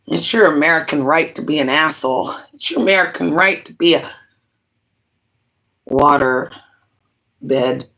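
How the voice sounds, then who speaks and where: A woman hosts a casual livestream with an unhurried, drawn-out delivery. Her voice is bright and forward, and she tells her stories in a dramatic, rambling way. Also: low-pitched. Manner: dramatic, rambling storyteller with laughing asides. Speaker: livestream host.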